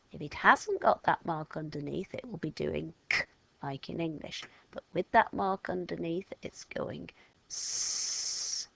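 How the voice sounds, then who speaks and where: A woman teaching a children's French phonics lesson step by step, patient and slow, modelling each sound aloud and stretching the words out. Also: mid-range voice, creaky, dry recording.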